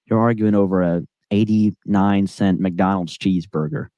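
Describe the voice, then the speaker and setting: A young man tells a winding story on a podcast, stuffing it with fillers and putting on the voices of the people involved. His voice sits low and warm, and the sound is dry and close to the mic. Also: fairly even intonation, moderate pace, no echo, muffled recording. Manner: rambling, filler-heavy, acts out quoted voices. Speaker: podcast co-host. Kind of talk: casual storytelling. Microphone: on-camera podcast mic.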